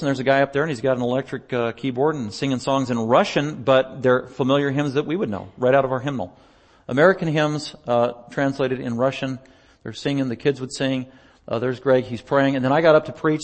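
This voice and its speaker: A male pastor chatting through a slideshow report during a church service, telling stories in an animated way and laughing often. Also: medium pitch. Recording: long reverb of a large hall.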